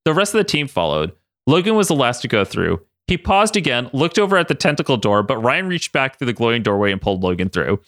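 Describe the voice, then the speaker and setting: A man's voice: medium pitch, sing-song, fast, fairly bright tone, dry recording, clean studio sound. A man podcast host reading a comic story aloud, laughing as he reads.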